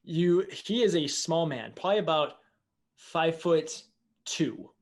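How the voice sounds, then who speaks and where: A man's voice: on the high side, expressive. Guy running a tabletop game, casual, lots of ums and likes. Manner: casual, halting description with many fillers. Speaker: game master.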